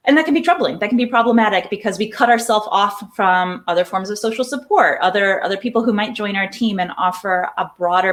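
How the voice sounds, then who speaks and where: Thoughtful woman professor explaining calmly. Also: medium pitch. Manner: thoughtful, explanatory, repeats words while thinking. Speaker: psychology professor, interview guest. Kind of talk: conversational interview answers.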